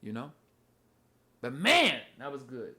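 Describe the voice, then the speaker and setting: Young male Bible teacher, loose earnest rambler, animated up-and-down delivery. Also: mid-range voice, slow pace, husky. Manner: rambling, earnest, repeats "you know what I mean". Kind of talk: casual devotional talk.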